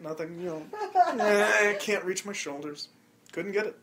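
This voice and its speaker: A man's voice: sits high, moderate pace, heavy background noise. A man hosting a casual podcast chat, telling stories with lots of swearing, laughter and acted-out quotes, with a slightly stuffy nose. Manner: animated, acts out quotes, laughs often, swears freely. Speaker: podcast host.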